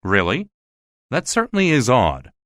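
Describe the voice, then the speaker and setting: A man's voice: mid-range voice, huge pitch swings, measured pace, a bit bright, no room sound, clean studio sound. A man voicing a nervous, evasive male theater official who dodges questions, in a storybook reading. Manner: sly, evasive.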